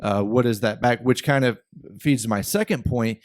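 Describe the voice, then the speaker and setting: A man's voice: medium pitch, normal speed, no echo, studio quality. A man hosting a casual podcast chat, rambling with many restarts and swearing freely. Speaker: podcast host.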